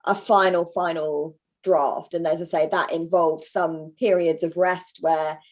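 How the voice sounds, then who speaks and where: A woman in her thirties, an author, chatting quickly and self-deprecatingly as a guest over a video call. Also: on the low side, steady tone.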